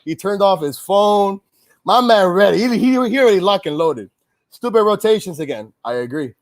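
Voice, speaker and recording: A man's voice: sits high, lively intonation, moderate pace. A man hosting a casual sports show, venting with frustration, swearing and rambling through restarts. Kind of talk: casual pregame-style sports chat, venting.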